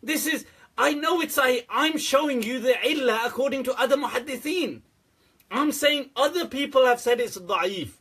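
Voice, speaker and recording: A man's voice: extremely high pitch, moderate pace, fairly bright tone, slightly rough. A man answering questions in a casual, sarcastic rant, laughing often and swearing freely. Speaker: Islamic scholar answering questions. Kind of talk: casual ranting commentary.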